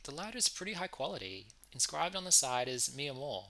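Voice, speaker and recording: A man's voice: on the high side, very animated, brisk, bright, forceful tone, slight background noise, pitched above the performer's own voice, exaggerated voice. A man voicing an aloof young woman in an old-film transatlantic drawl, in a let's play of a story game.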